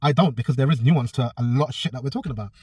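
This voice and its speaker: A man's voice: mid-range voice, rapid-fire, darkish tone, breathy edge, no echo, far from the mic. A man, a personal trainer telling a story in a casual vlog, blunt and swearing freely. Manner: blunt, swears a lot, acts out both sides of a quarrel.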